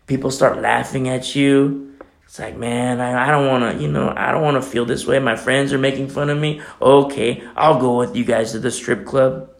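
A man preaching a sermon, animated, acting out little dialogues as he teaches. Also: medium pitch, normal speed, gravelly. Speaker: pastor.

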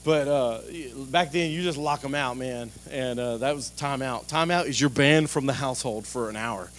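A man preaching a sermon in a lively, conversational way, joking and asking the congregation direct questions. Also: medium pitch, normal speed, a little hiss or hum. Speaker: pastor.

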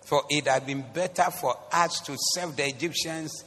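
A man preaching a sermon as the pastor. He switches between English and Twi phrases and swings from soft asides to loud, emphatic preaching. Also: on the high side, moderate pace. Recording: long hall reverb with faint noise.

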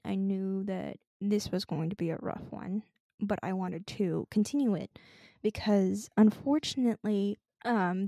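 A woman co-hosting a podcast, talking in a measured, reflective and gently comforting way. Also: medium pitch, creaky, dry recording. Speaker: podcast co-host. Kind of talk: casual chat.

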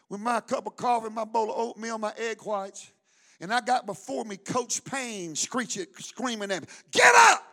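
A male preacher with a very high voice delivers a sermon at a church service. He preaches with fervor and repeatedly calls on the congregation to answer him. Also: a bit bright. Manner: fervent, call-and-response preaching. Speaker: pastor.

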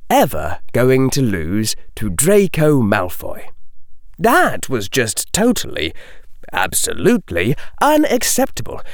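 Expressive male audiobook narrator. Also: on the high side, no echo, clean studio sound. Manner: expressive, slows for dramatic stresses. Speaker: audiobook reader. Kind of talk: storybook narration.

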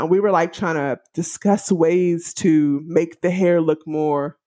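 A woman in her thirties with a Washington DC accent, co-hosting a podcast in casual chat, animated and laughing often. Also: sits low, measured pace, few pauses. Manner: animated, laughs often, acts out quoted voices. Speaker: podcast co-host.

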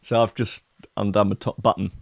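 A man's voice: fairly low pitch, flat delivery, fairly quick, vocal fry, no echo, studio quality. A man hosting a show, chatting in a rambling, profane, joking way. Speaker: show host. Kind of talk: casual chat.

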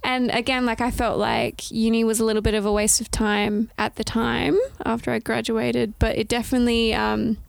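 A young woman with an Australian accent chats as a podcast guest, her voice sitting a little high with a gravelly fry underneath. She talks loosely and giggles often, filling gaps with ums and likes. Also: little pitch movement, normal speed, hardly any pauses, no room sound. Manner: giggly, chatty, many fillers. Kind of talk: casual chat.

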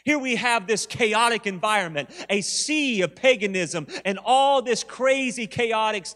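A man in his forties preaches with a high voice, moving between firm points and playful storytelling. His voice rings out with a long reverb in a large church hall. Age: 40s. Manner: animated preaching with storytelling asides. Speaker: pastor. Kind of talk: sermon. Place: church sanctuary.

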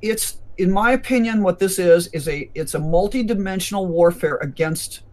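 A man's voice: high voice, normal speed, darkish tone. A man who is a physician, speaking as a guest in a conversational interview in an emphatic, lecturing manner.

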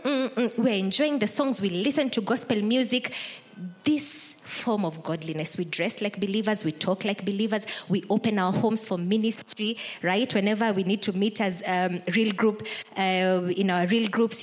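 Woman pastor, conversational sermon delivery, acts out imagined inner voices. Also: mid-range voice.

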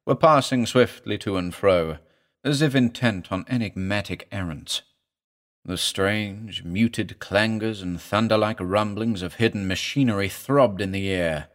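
A man narrating a weird fiction story in a measured, even audiobook delivery. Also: lowish voice.

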